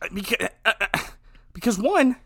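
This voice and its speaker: A man's voice: high voice, very animated, a little slow, creaky, bright, forceful tone, slightly rough, dry recording, studio quality. A man from Ohio recapping a movie in a comedic podcast chat, sarcastic and laughing often.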